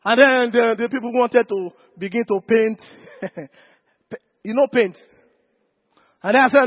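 A pastor preaches with emphasis and keeps calling out to his congregation. His voice sits very high for a man. The recording is thin and phone-like, with a long reverb trailing off each phrase. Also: unhurried, long pauses. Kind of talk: sermon.

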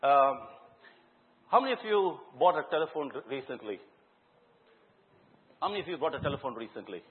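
A man's voice: on the high side, fairly quick. Man preaching in an echoey hall. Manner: questions the congregation directly and tells lively anecdotes. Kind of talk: sermon. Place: church hall before a congregation. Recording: echoey hall, tinny phone-like sound.

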